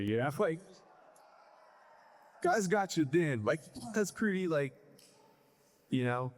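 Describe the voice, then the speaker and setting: A man's voice: a little high, animated, slow, pauses often. A young man doing a stand-up set, rambling and self-deprecating, packed with fillers. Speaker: stand-up comedian.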